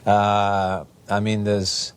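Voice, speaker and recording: A man's voice: lowish voice, completely flat delivery, very slow, clear, resonant tone. A man from England, a guest on a talk show, speaking hesitantly with many fillers and a playful streak. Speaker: guest actor.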